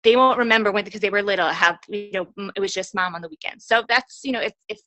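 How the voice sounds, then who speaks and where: A woman in her thirties telling her own story on a group call, earnest and halting, with frequent restarts. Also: mid-range voice, a bit bright, no echo, low-quality recording. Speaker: team coach sharing her story. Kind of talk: personal testimonial on a group call.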